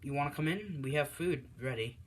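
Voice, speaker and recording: A man voicing a calm teenage boy hero who speaks quietly and briefly, within a fan story he is telling aloud. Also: a little high, a little fast, slight background noise, close to an everyday voice.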